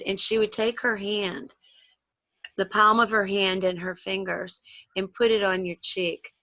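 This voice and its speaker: Bright-voiced woman telling childhood stories. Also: on the low side, no echo. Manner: rambling, animated reminiscing with restarts. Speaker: co-host. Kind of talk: casual storytelling chat.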